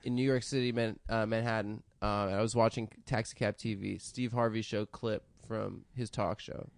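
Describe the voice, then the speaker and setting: A young man co-hosting a comedy podcast, delivering a joke in a deadpan, halting way. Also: fairly low pitch, creaky. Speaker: podcast co-host. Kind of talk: casual comedy chat.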